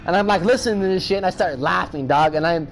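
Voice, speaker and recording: Heavy background noise surrounds a fast, high-voiced gaming streamer. Mid-game, he tells a drawn-out, profane story in slang, saying things over and over and getting increasingly heated.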